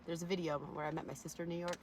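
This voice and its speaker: A woman vlogger casually rambling through wild stories, profane and animated, with sudden loud bursts. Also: on the low side, very fast, slight background noise.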